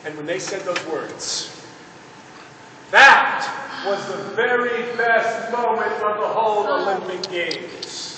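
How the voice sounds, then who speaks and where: A young man giving an energetic motivational speech to children, calling out to the audience for responses. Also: high-pitched, slow pace, a crowd in the background. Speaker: motivational speaker. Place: large echoey hall. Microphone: distant mic. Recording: echoey hall, distant mic, noisy.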